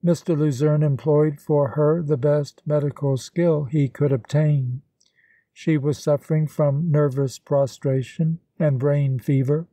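A man narrating a classic novel as an audiobook, with a steady, even reading and a close mic. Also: a little high, dry recording. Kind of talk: scripted narration.

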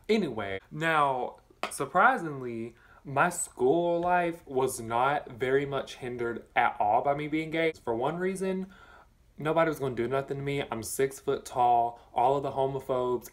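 A young man from the southern United States with a Southern accent, chatting casually to camera while eating, sassy and blunt, with his mouth full at times. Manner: sassy, blunt and campy, with bursts of high exclamations. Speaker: vlogger.

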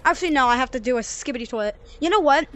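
High-pitched excitable young gamer girl. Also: rapid-fire. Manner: excitable, yells at failures, rambling. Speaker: gaming channel creator. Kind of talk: casual gameplay commentary.

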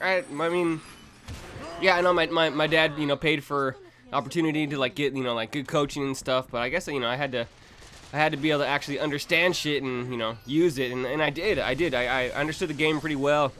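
A young man in his twenties tells a story straight to his viewers, swearing freely and circling back with restarts and asides. His voice sits a little high for a man. A faint hum of noise runs under the recording. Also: brisk, bright, forceful tone. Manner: profane, rambling and laughing, many restarts. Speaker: vlogger. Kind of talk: casual storytelling vlog.

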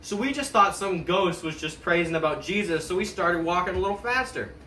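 Teenage boy, comic storytelling, bright voice, faint hiss. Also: sits high, a little fast. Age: teens. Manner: animated, breaks into laughter. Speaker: talent show performer. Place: school auditorium stage. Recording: roomy hall, mic at a distance.

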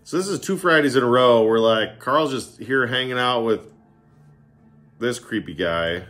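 With faint music behind him, a man in a mid-range, slightly bright voice speaks at a measured pace, reviewing beers at home. The beer vlogger jokes and chats casually, turning tipsy with a slight slur.

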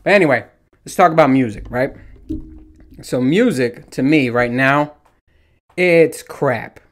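A man's voice: mid-range voice, a little slow, a little hiss or hum. A man in his thirties ranting casually as a solo podcast host, telling stories with lots of swearing and acting out what people said. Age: 30s. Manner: animated, profane storytelling with mimicked dialogue.

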